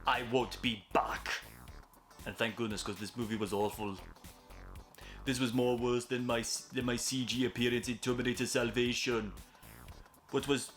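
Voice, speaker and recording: A man doing a slow, boastful impression of a gruff, muscle-bound cyborg in a comic blooper. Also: medium pitch, fairly bright tone, close to an everyday voice.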